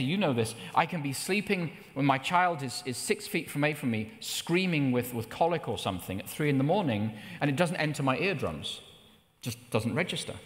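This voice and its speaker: A middle-aged man preaching a sermon, telling personal stories with lively rises in pitch. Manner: anecdotal, with animated rises in pitch. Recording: long hall reverb.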